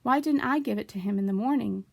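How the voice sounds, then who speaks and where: A woman voicing a wistful young boy who talks in a soft, plaintive way, in a storybook reading. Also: a little high, fast talker, creaky.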